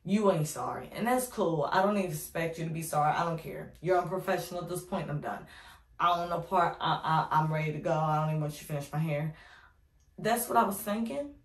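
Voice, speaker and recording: A young adult woman telling a casual story to her viewers, animated and sassy, with slang, calling them y'all. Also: low-pitched, fast talker. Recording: roomy echo.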